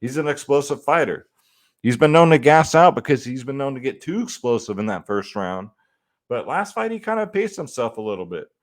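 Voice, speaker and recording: A man's voice: mid-range voice, very animated, a little fast. A man hosting a fantasy sports picks video, talking casually and swearing freely as he breaks down upcoming fights. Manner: laid-back and conversational, swears freely and says "man" often.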